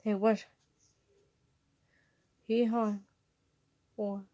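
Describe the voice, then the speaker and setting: A woman's voice: medium pitch, little pitch movement, drawn-out words, warm tone. A woman reading a fan-written story aloud, stumbling and restarting over words. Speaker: reader. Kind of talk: fan fiction read-aloud.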